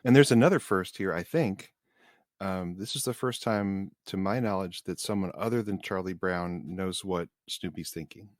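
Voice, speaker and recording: Man, podcast co-host, low voice, deadpan humor, casual chat, dry sound. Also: moderate pace, dry recording. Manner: dry humor, hesitant restarts.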